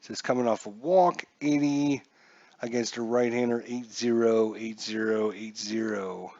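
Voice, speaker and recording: A man narrating a solo dice baseball game at an unhurried pace, chatty and joking to himself as he reads his charts. The sound is dull and muffled, with a dry, close feel. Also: medium pitch, fairly even intonation, darkish tone, no echo. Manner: chatty, jokey, talks to himself while checking charts.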